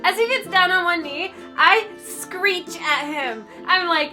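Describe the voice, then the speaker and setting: A woman's voice: extremely high pitch, expressive, a little slow, hardly any pauses, pushed and bright. A young woman in her twenties telling a storytime vlog in a gushing, chatty way, full of "like". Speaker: YouTuber. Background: light ukulele music.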